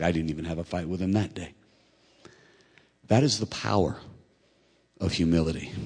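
A middle-aged preacher and track coach shares a personal story in a sermon, speaking earnestly and emotionally as his voice swells to loud peaks. The voice sits low and husky, with a big-room sound.

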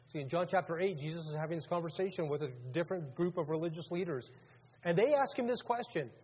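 A man's voice: fairly high pitch, a little mellow, husky. A male pastor preaching a sermon in a conversational way, asking his congregation questions as he goes. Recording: long reverb of a large hall.

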